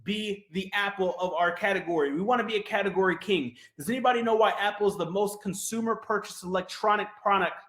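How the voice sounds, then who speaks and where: A man's voice: high voice, fast talker, few pauses, fairly bright tone. A man giving a sales-style webinar presentation, hyped and repetitive, urging listeners to write things down. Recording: echoey room.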